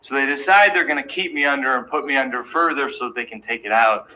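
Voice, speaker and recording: A man in his thirties telling a stand-up comedy story in an anxious, self-deprecating, animated way. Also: medium pitch, fast talker. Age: 30s. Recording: dull, noisy live recording.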